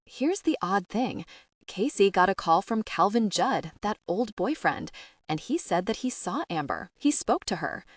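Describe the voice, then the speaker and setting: A woman's voice: mid-range voice, sing-song, unhurried, no room sound, studio quality. A woman reading a smug, drawling man. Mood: sadistic. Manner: drawling, mocking, falsely friendly. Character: smug sadistic middle-aged man. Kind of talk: audiobook character reading.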